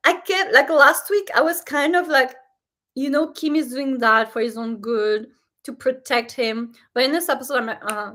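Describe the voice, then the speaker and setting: Woman reaction host with a slightly high voice, chatty and fired-up, talks straight to her viewers. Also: normal speed. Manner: animated, indignant, talks to viewers directly. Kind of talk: casual reaction commentary.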